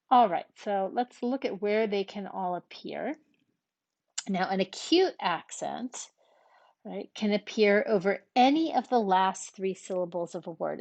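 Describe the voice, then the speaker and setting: A woman's voice: medium pitch, darkish tone, no room sound. Patient woman teaching a language lesson, dry sound. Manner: patient, explains step by step with frequent ums. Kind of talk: relaxed classroom explanation.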